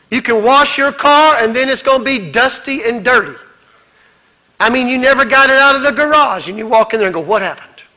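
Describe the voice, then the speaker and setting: High-voiced, bright, fervent male preacher. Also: poor audio. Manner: builds to shouted, fervent preaching; repetitive rhythmic exhortation. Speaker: pastor. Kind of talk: sermon.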